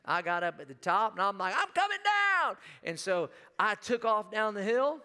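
A man's voice: sits high, normal speed, bright, forceful tone, clear, resonant tone. A middle-aged man preaching a sermon in church, telling a funny story and putting questions to the congregation. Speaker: pastor. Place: church sanctuary.

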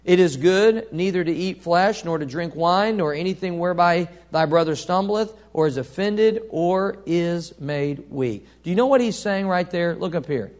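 A man preaching a sermon, reading scripture aloud and asking the congregation questions, swinging from soft to loud. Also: high-pitched, moderate pace, few pauses. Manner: reads scripture aloud, asks the congregation call-and-response questions.

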